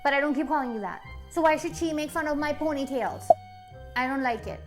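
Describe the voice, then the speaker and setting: A woman's voice: sits high, fairly quick, over music, close to an everyday voice. Woman playing Becca, a whiny angry schoolgirl. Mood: angry sulking. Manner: whiny, repeats herself, childish nagging questions. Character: sulky angry schoolgirl with two ponytails. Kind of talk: acted coaching skit.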